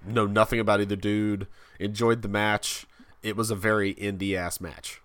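Guy hosting a wrestling podcast, lowish voice, rambly and stop-start, dry close mic. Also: level tone, fairly bright tone, clean tone, no echo. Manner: rambling, halting, many restarts. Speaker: podcast host. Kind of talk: casual wrestling podcast chat.

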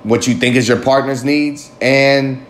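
A man's voice: mid-range voice, fairly even intonation, measured pace. Rambling, profane man in an echoey room. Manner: rambling, profane, self-reflective, laughs often. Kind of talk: candid personal monologue. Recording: roomy echo with faint ambience.

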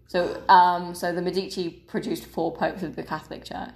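A tipsy woman chatting as a podcast co-host, halting with many fillers and restarts. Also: lowish voice, steady tone, darkish tone. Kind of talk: casual chat. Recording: echoey room.

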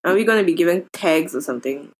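A woman's voice: lowish voice, expressive, fast, poor audio. A young woman co-hosting a casual podcast, chiming in with short, wry remarks. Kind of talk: casual chat.

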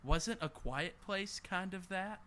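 A young man co-hosting a casual podcast, teasing his friend with quick banter and frequent chuckles. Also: high voice, bright, forceful tone. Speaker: podcast co-host.

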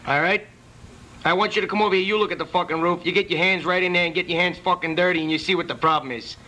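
A man's voice: high-pitched, steady tone, quick pace, bright, forceful tone. A man voicing a brash, foul-mouthed homeowner with an Italian-American New York accent, ranting profanely on a prank phone call. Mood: pushy. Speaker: prank caller.

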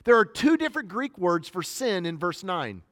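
A man's voice: high-pitched, sing-song, moderate pace, fairly bright tone, no echo, clean studio sound, in a large hall. A middle-aged man preaching a sermon as a pastor, switching between conversational storytelling and emphatic points.

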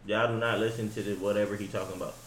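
A man's voice: lowish voice, fairly even intonation, rapid-fire, echoey room, slight background noise. A man co-hosting a podcast in casual reaction chat, laid-back and slangy, swearing often. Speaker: podcast co-host.

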